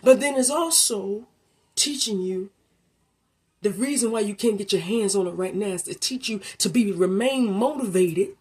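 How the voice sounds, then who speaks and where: A woman giving a faith-based motivational talk, preacherly and colloquial, addressing the listener directly and swinging from hushed to emphatic. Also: medium pitch, normal speed, breathy edge. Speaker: motivational speaker.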